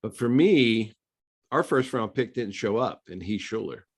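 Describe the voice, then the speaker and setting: A middle-aged man, a former pro quarterback, telling stories in a relaxed, conversational interview full of fillers. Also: lowish voice, a little slow, slightly rough. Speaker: former NFL quarterback, guest. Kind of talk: casual storytelling interview.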